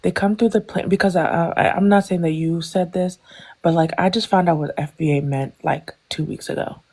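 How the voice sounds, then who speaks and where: A woman's voice: lowish voice, steady tone, a little fast, darkish tone. A woman in her thirties from Tanzania, speaking hesitantly with many fillers as a guest on a live panel. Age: 30s. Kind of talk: live online panel discussion.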